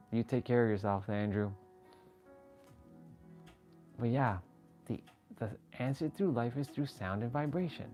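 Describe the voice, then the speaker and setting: Excitable man livestreaming over faint music. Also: on the low side. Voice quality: excitable, swears freely, rambling restarts. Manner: animated, voice jumps up when reliving moments. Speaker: livestream host. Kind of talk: casual livestream chat.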